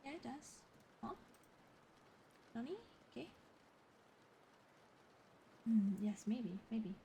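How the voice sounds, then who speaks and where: A young woman whispering softly on an ASMR livestream, chatting and giggling with viewers as she thanks them and tells a story. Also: fairly high pitch, lively intonation, slow pace, vocal fry, slight background noise. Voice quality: soft whispery voice. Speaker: streamer. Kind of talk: whispered ASMR stream chat.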